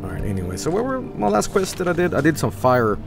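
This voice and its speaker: A man's voice: on the high side, wildly swooping pitch, fast, vocal fry. A tired man streaming a game, rambling casually and reading game text aloud. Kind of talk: casual gameplay commentary. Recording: game music underneath.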